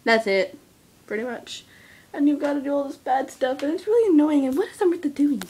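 A chatty, giggly female vlogger talking straight to the camera. Her voice sits high, and she tips into mock drama now and then. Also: brisk, dark tone. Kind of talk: casual vlog chat.

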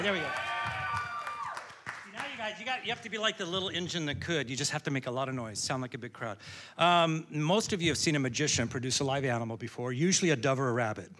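A man's voice: medium pitch, lively intonation, fast talker, background noise. A man hosting a live stand-up comedy show and doing magic, chatty and jokey, working the crowd from the stage.

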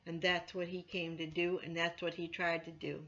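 Woman church elder, informal Bible teaching; bright, conversational, dull lo-fi sound. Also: lowish voice, level tone, normal speed. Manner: conversational, many "you know" fillers, rises loudly when quoting scripture.

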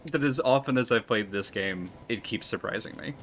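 A man doing live commentary while playing a video game, excitable, swearing and talking to himself. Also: medium pitch, a little fast, few pauses.

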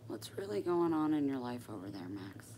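Low-voiced sassy older woman. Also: sing-song, a little fast, mellow, slight background noise. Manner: sassy, blunt, joking. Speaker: sewing livestream host. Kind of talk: casual chat with viewers while sewing.

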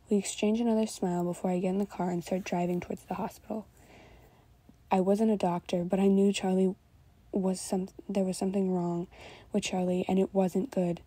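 A woman reads a story aloud at a steady pace with small slips along the way. Her voice is mellow and dark with a breathy, husky edge, close on a microphone. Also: mid-range voice, brisk, no echo. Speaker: fanfiction reader. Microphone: new microphone.

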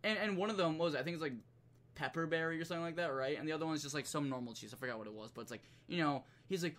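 Brief: male streamer, profane animated rant, slightly high voice. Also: rapid-fire. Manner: profane, animated, laughs often. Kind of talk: casual ranting commentary.

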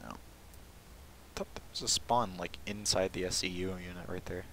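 A man's voice: low voice, steady tone, normal speed, crowd noise, low-quality recording. A young man giving casual, sarcastic commentary while playing a shooter game, often exasperated and mocking himself. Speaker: gaming commentator.

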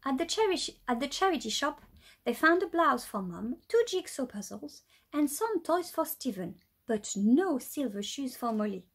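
A woman teacher reading a children's storybook aloud, with a light British accent, in a lively storytelling way. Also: high-pitched, moderate pace. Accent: British English.

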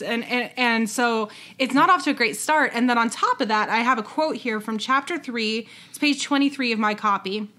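Woman co-host, chatty, lotsa fillers, bright clear voice. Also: fairly high pitch, moderate pace. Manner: chatty, many fillers and restarts. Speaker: podcast co-host. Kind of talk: casual chat.

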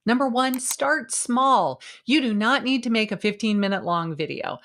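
A woman in her fifties, a video marketing coach, giving an energetic, emphatic and encouraging motivational talk straight to camera. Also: fairly high pitch, normal speed.

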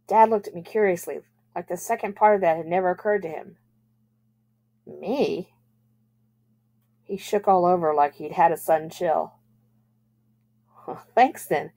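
Brief: female teacher narrating a novel, calm, measured, lower pitch. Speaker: teacher reading aloud. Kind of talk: reading a novel aloud.

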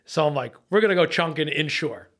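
A middle-aged man with a slightly high voice tells a fishing story as a podcast guest. He talks like a boat captain, swears freely and acts out his own lines from the day. The telling is tense and excited, broken up by laughs. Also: fairly quick. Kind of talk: animated storytelling in casual chat.

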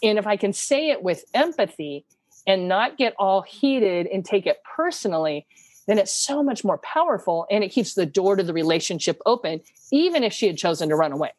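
A woman's voice: mid-range voice, big pitch swings, a little fast, darkish tone, no echo. A middle-aged woman telling stories in a conversational faith podcast, earnestly acting out the lines she quotes.

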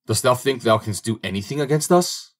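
A man's voice: medium pitch, expressive, fairly quick, voice pushed up, lightly acted. A man voicing a brave young drummer who speaks with confident, boastful assurance in a fairy-tale audiobook. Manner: confident, boastful, slightly raised voice. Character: brave young male drummer, bold and fearless. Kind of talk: audiobook character reading.

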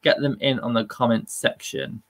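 A man's voice: medium pitch, fairly even intonation, moderate pace. Upbeat chatty man hosting a live quiz. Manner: upbeat and chatty, laughing at himself. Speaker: quiz host.

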